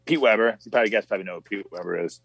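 A man hosting a podcast, talking in a quick, laid-back, amused way. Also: lowish voice, gravelly, fairly bright tone, husky, no room sound, low-quality recording. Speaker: podcast host. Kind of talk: casual chat.

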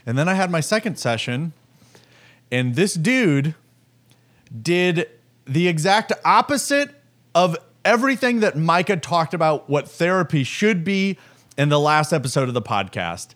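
Young guy cohosting a podcast, kinda high voice, rambly, says like a lot. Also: expressive, a little slow, fairly bright tone. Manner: chatty storyteller, many "like" fillers. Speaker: podcast co-host. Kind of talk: casual chat.

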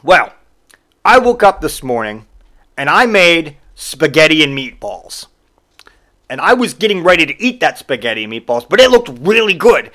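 A man's voice: sits high, sharp tone, voice pushed up, full character voice. A man voicing a huffy, clueless male customer who complains in a whiny, indignant way.

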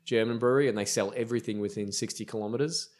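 This Australian man is a brewer appearing as a podcast guest, chatting casually and telling rambling anecdotes full of ums and restarts. His voice is fairly low and darkish, and he talks at a rapid-fire clip.

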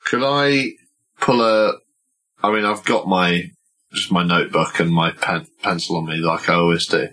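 A man's voice: low-pitched, fairly even intonation, normal speed, bright, forceful tone, poor audio. A man playing a tabletop horror game, talking earnestly and hesitantly as he thinks aloud. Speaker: player.

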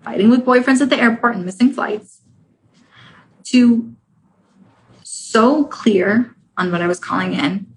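A woman's voice: a little high, a little slow, long pauses, low-quality recording. Woman coaching in a chatty, direct way. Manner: conversational, often checks in with "right?" and "okay?"; acts out inner voices in quoted asides. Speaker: relationship coach and podcast host. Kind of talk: casual coaching monologue.

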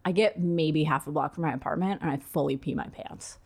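A woman's voice: brisk, creaky, breathy edge. A woman in her thirties telling a funny story in casual chat, laughing often and acting out the lines of the people she quotes. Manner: animated, laughing, acts out quoted lines in a higher voice.

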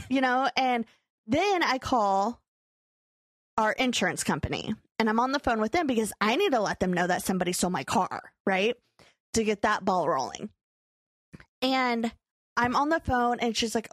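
A young adult woman hosting a podcast, telling a story in a casual chat, animated and acting out her own quotes with frequent laughter. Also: a little high, normal speed, no room sound. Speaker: podcast co-host.

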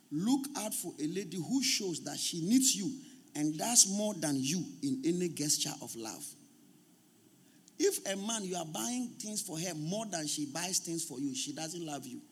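A man preaching a sermon as pastor, emphatic and repetitive, at times shouting. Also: fairly high pitch, lively intonation, unhurried, husky.

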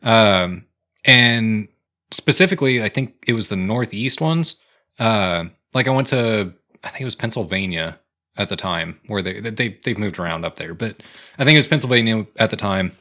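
A man's voice: lowish voice, lively intonation, moderate pace, sharp tone. A man in his twenties co-hosting a casual podcast chat, laid-back and swearing as he tells stories. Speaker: podcast co-host.

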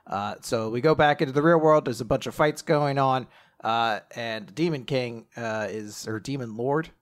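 A man's voice: mid-range voice, moderate pace. A man recapping manga chapters in casual podcast chat, retelling scenes animatedly and acting out the characters' lines. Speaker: podcast co-host.

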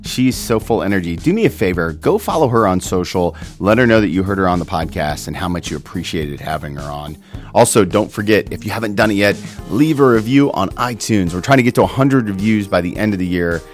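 Deep-voiced male podcast host, encouraging, dry sound with faint music. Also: animated, brisk. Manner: laughs often, encouraging. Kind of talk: casual interview hosting.

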